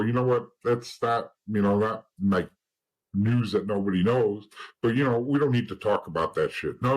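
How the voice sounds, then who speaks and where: A middle-aged man tells his story in an interview, bluntly and with plenty of swearing, slipping into the voices of people from his past. His voice sits low and sounds husky and a little rough. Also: low-quality recording. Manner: blunt, profane, acts out past conversations. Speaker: interview guest, former informant.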